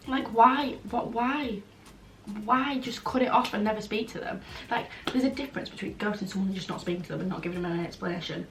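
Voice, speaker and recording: A woman's voice: mid-range voice, steady tone, fast. A blunt young Englishwoman chats through viewer questions with easy frankness, peppering her talk with "like". Her voice sits in a middle register. It sounds roomy and a touch distant, with a faint hiss behind it. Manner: frank, blunt, chatty, many "like" fillers. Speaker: vlogger. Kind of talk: casual chatty Q&A. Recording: roomy, slightly distant, faint background noise.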